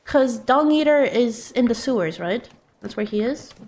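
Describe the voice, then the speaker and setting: Chatty woman streamer, higher voice. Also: expressive, normal speed, darkish tone. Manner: chatty, reads out and answers viewer messages. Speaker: game streamer. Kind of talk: casual live-stream chat while playing.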